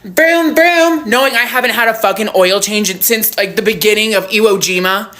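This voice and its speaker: A woman's voice: medium pitch, steady tone, fairly quick, bright, forceful tone. A woman telling a dramatic, self-mocking dating story as a casual monologue with lots of profanity.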